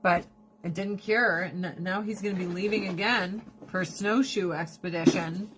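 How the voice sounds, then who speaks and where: A woman in her thirties chatting casually to her viewers, swearing freely and ranting with animated storytelling. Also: fairly low pitch, moderate pace, very noisy. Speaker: vlogger. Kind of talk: casual chat.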